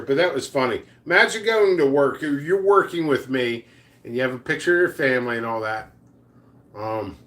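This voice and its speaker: A man's voice: mid-range voice, fairly bright tone. A middle-aged man who hosts a pepper seed channel, casually telling rambling, profane workplace prank stories, stammering and laughing as he goes. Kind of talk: casual storytelling vlog.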